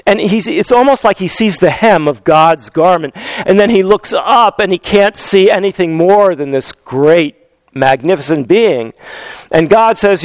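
A man preaching a sermon as pastor, acting out biblical characters in a lively storytelling way. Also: sits high, unhurried, no room sound, rough recording.

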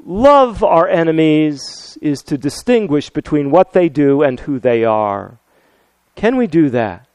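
Older male preacher, earnest and animated sermon, smooth resonant tone. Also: sits high, no echo, rough recording. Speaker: pastor.

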